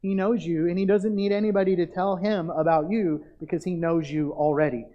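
High-voiced man preaching emphatically. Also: fairly even intonation, dull audio. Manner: emphatic preaching with drawn-out stressed phrases; direct address to the congregation. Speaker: pastor. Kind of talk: sermon.

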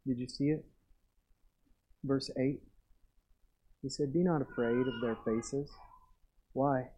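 A man's voice: on the high side, unhurried, long pauses, lo-fi sound. A middle-aged male pastor preaching a sermon in an earnest way, repeating phrases for emphasis.

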